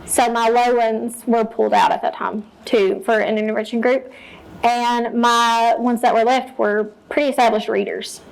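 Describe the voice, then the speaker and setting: Teacher explaining reading lessons to colleagues. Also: female voice, fairly high pitch, steady tone, moderate pace, vocal fry, low-quality recording. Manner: practical, explains step by step and models read-alouds. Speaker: teacher presenting to fellow teachers. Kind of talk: teacher training talk.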